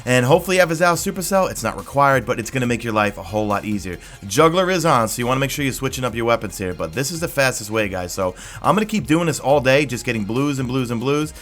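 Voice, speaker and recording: A man giving a casual gameplay guide as a gaming YouTuber, rambling and excited with quick asides. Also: mid-range voice, soft background music.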